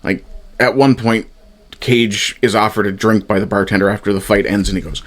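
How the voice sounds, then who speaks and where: A man's voice: on the low side, fairly even intonation, fairly quick. A man in his fifties giving a sarcastic, exasperated review, swearing often as he rants. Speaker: TV show reviewer. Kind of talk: ranting review commentary.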